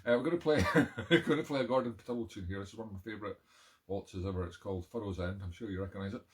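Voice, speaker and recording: A man's voice: lowish voice, rapid-fire. Chatty middle-aged Scottish man rambling. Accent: Scottish, Edinburgh. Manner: chatty, self-amused, rambling with many fillers. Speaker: musician hosting a live stream. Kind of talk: casual live-stream chat between tunes. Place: at home. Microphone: home live-stream setup.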